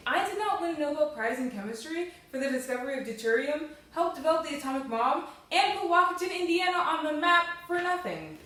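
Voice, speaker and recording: A woman's voice: medium pitch, moderate pace, pauses often, echoey room, distant mic, close to an everyday voice. Teen girl playing a bragging older male professor. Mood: boastful. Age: late teens. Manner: bossy, self-important bragging. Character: boastful older male chemist professor, brusque. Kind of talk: amateur comedy sketch acting. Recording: noisy home video recording.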